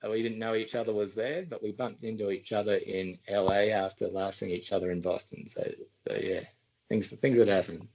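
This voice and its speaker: A middle-aged Australian man with a gravelly, fry-edged voice spinning loose anecdotes as a podcast guest. He wanders, restarts his sentences and circles back in an easy, conversational way. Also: fairly low pitch, fairly even intonation, brisk, a little mellow, lo-fi sound. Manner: rambling anecdotes with frequent restarts. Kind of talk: casual storytelling.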